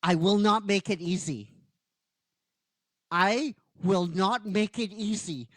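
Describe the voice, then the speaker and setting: A man's voice: sits high, takes it slowly, a bit bright, dry recording, pitched above the performer's own voice. A man voicing a defiant young woman fighter who presses her point with firm, repeated challenges.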